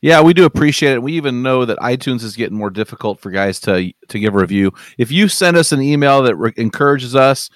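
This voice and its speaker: A man hosting a casual podcast in an upbeat, teasing way, with some halting fillers. His voice is recorded close and dry, with a middle pitch. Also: animated, no room sound. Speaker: podcast host.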